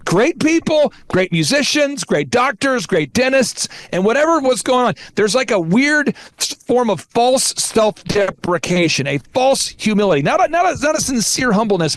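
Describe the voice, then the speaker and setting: Male podcast host, high voice, emphatic preacher-like delivery, dry close mic. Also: no room sound. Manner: emphatic, repetitive, exhorting. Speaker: podcast host and business coach. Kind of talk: impassioned preaching-style talk.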